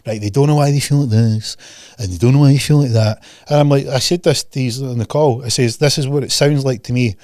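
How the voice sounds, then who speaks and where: A man's voice: mid-range voice, a little fast, warm tone, dry recording, studio quality. A man hosting a podcast in a casual chat, ranting bluntly and profanely and mocking people with put-on voices. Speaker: podcast host.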